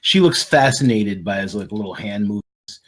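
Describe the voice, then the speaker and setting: A man's voice: fairly low pitch, expressive, moderate pace, a bit bright. A man narrating a tabletop game as dungeon master in a casual, filler-heavy way.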